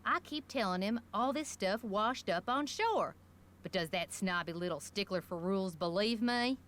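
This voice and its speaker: A woman's voice: medium pitch, animated, moderate pace, fairly bright tone, close to an everyday voice. An actress voicing a gossipy small-town shopkeeper woman in a video game, talking in a folksy rural drawl full of colorful slang. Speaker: general store owner.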